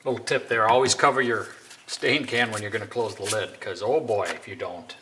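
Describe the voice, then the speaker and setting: Speaking at normal speed in a lowish voice, a young man gives a casual how-to on a woodworking project from his home workshop. He rambles a little and jokes about himself. Workshop noise, including sanding and clicks, makes the recording noisy.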